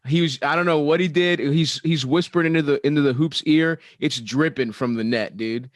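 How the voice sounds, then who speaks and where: A young man with a fairly high voice co-hosts a casual sports podcast. He cracks crude jokes and laughs a lot. The recording is dry and close. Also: moderate pace, no echo. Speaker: podcast co-host.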